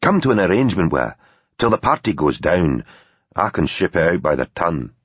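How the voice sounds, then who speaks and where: Audiobook: deep-voiced man doing a wheedling middle-aged Scottish dealer, husky, on a dull, dry recording. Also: very animated, normal speed, no room sound, exaggerated voice. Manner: wheedling, persuasive.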